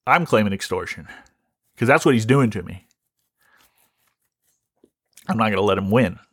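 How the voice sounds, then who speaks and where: A man's voice: fairly low pitch, lively intonation, normal speed, a bit bright, no room sound, studio quality. Wry, ranting podcast man. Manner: exasperated, wry, repeats himself. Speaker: podcast host. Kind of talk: comic storytelling rant.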